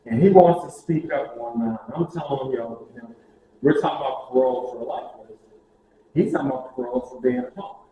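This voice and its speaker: A man telling lively stories about prison ministry to a group, acting out the voices of the people in them. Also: medium pitch, a little fast, highs cut off. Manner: animated, acts out dialogue, laughs at own stories. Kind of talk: storytelling talk to a group. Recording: very echoey room with faint hiss.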